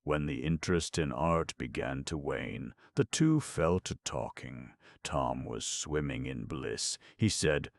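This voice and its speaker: A male audiobook narrator with an exceptionally deep voice and a gravelly, creaky texture. He tells the story at a measured pace. The recording is close and dry, with no room sound. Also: no echo. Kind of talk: scripted narration.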